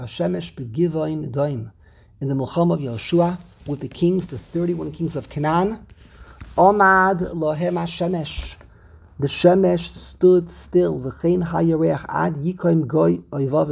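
A man giving a text study lesson as a Torah teacher, restarting phrases and slowing down to stress words. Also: a little high, creaky, dark tone, husky.

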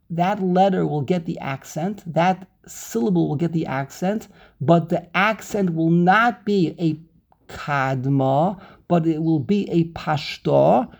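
Slow gravelly man teaching cantillation. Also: high-pitched, darkish tone. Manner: explains step by step, repeats himself. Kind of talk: Torah cantillation lesson.

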